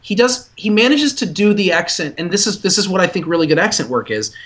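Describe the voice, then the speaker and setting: A man co-hosting a podcast, talking casually and quickly about a movie, often restarting his sentences. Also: sits high, big pitch swings, fairly bright tone. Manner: quick, chatty, self-interrupting. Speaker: podcast co-host. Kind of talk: casual chat about a film.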